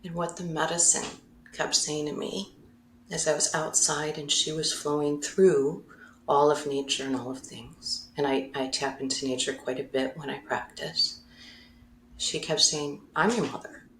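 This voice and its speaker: A woman's voice: low voice, level tone, unhurried, a bit bright, a little hiss or hum. A woman guest in a conversation, telling a personal story openly and emotionally, laughing often and correcting herself as she goes. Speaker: podcast guest, mindfulness facilitator. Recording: roomy echo.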